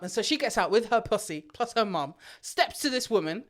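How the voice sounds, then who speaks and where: A woman co-hosting a podcast, retelling a story in an animated way and swearing freely. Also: mid-range voice, fairly quick. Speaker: podcast co-host. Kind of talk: casual chat, storytelling.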